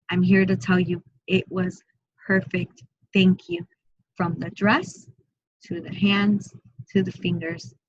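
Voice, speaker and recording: Soft-spoken woman medium, dull lo-fi sound. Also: mid-range voice, no echo. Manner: soft, slow and repetitive, speaking in first person for the spirit. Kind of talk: online group mediumship reading.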